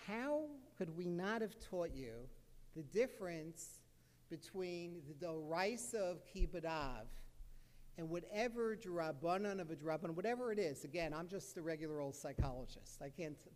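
A man's voice: a little high, darkish tone. A man, a psychologist, telling a story in an earnest, repetitive lecture, with many fillers. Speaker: psychologist giving a talk. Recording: echoey hall.

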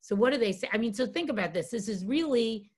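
A woman's voice: fairly high pitch, lively intonation, fast, a little mellow, husky. A woman giving a Talmud lesson as a guest teacher, reading Aramaic lines and translating them, tagging many sentences with "right?". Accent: Hebrew and Aramaic phrases read with Ashkenazi pronunciation. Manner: reads Hebrew and Aramaic text, then translates it, with frequent "right?" tags. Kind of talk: lecture on Talmud text.

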